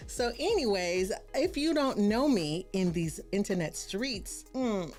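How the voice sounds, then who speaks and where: A woman's voice: medium pitch, lively intonation, slow pace, a little mellow, faint music behind. A woman hosting a casual live stream as a branding coach, bubbly and exclaiming often as she greets viewers by name.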